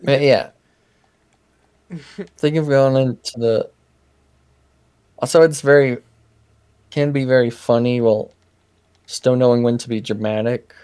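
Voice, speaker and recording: A man's voice: mid-range voice, fairly even intonation, unhurried, long pauses, mellow, clear, resonant tone. A man co-hosting a podcast, chatting casually and gushing with enthusiasm about what he loves. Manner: enthusiastic, gushing with fan praise. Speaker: podcast co-host.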